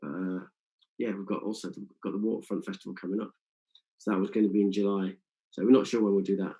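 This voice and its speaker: A man with a Nottingham accent, a music promoter chatting in an interview and talking haltingly with many fillers. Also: low-pitched, steady tone, mellow, low-quality recording. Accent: Nottingham English. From England. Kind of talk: casual interview chat.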